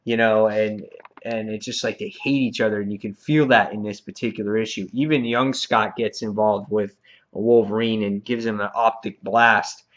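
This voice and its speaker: A man's voice: on the low side, steady tone, moderate pace. Rambling man reviewing comics, lo-fi. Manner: rambling, many fillers, laughs while recounting scenes. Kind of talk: casual spoken review.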